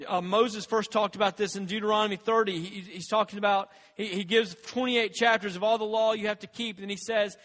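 A man's voice: high-pitched, steady tone, a little fast, few pauses, a bit bright, big-room sound. A man preaching a conversational sermon as a pastor, with fillers and restarts and rising intensity on quoted scripture.

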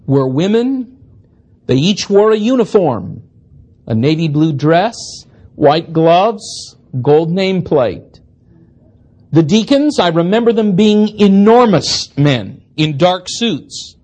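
A preacher with a husky, slightly breathy voice tells a story from the pulpit. He swings his pitch widely and lets his self-deprecating humor show throughout. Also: darkish tone. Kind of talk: storytelling sermon.

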